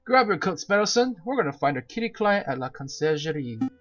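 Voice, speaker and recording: A game player voicing an earnest, dignified male falcon lawyer who talks in a measured, formal way, on a slightly dull lo-fi recording. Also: medium pitch, very animated, a bit bright, faint music behind, pitched above the performer's own voice.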